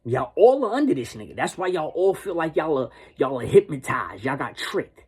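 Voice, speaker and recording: A man's voice: on the high side, sing-song, normal speed, breathy edge. A man delivering a rambling, insistent monologue rant, repeating and restarting his phrases.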